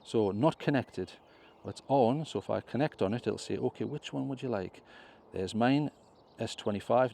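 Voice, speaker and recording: A man casually talking through his drone flight outdoors step by step, clearing his throat now and then. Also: medium pitch, normal speed, hardly any pauses, dark tone, slight background noise. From England. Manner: chatty step-by-step explaining, self-correcting. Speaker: drone vlogger. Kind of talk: casual tutorial commentary. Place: outdoors on a hill.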